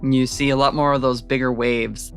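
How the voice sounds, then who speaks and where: Casual game master narrating a tabletop session, gravelly voice, faint music underneath. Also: mid-range voice, flat delivery, a little fast, fairly bright tone. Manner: casual narration with many "like" fillers.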